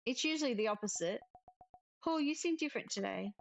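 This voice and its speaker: A woman voicing a kind young witch who talks to spirits, in a soft, gentle way. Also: fairly high pitch, animated, brisk, vocal fry, highs cut off, soft background music.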